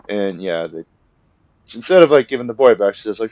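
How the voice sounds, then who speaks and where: A young man giving rambling, casual commentary over a game, acting out the characters' lines in quick bursts. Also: on the low side, lively intonation, darkish tone, muffled recording. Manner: rambling, filler-heavy, acts out characters' lines. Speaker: let's play commentator.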